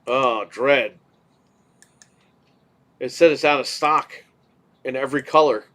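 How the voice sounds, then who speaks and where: A man co-hosting a casual podcast, telling a story in an animated way, swearing casually and acting out what people said. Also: medium pitch, slow. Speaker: podcast co-host.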